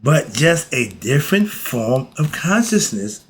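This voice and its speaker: A man's voice: mid-range voice, sing-song, slow pace. A man teaching philosophy in a casual, emphatic way, often throwing rhetorical questions at his listeners. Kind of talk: casual spoken lesson.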